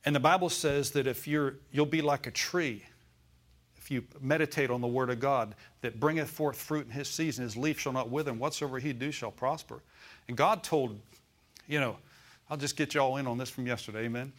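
A man's voice: mid-range voice, brisk. An older man preaching a sermon in a folksy, rambling way, climbing to emphatic declarations when he quotes scripture.

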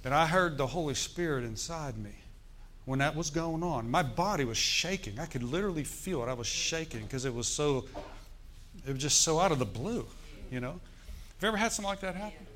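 A middle-aged male pastor, telling a story in a sermon in a conversational, animated way and asking the congregation questions. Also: on the high side, a little fast, a little hiss or hum.

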